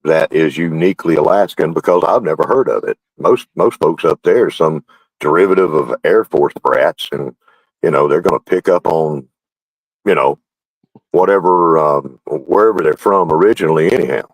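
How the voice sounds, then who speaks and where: A man's voice: extremely low pitch, moderate pace, breathy edge, no room sound, rough recording. A man rambling casually on a livestream panel with many fillers.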